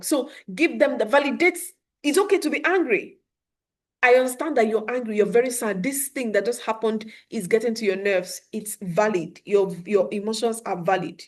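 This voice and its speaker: A woman's voice: fairly high pitch, a little fast. Earnest woman coaching parents. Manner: earnest, coaching, laughs often; acts out calm soothing quotes. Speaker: parenting coach hosting a webinar. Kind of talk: live webinar talk.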